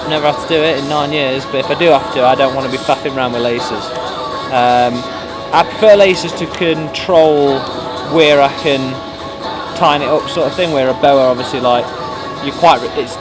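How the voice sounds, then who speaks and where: Chatty man vlogging. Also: fairly high pitch. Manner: chatty, joking, rambling with fillers. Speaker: pro cyclist vlogger. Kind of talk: casual chat.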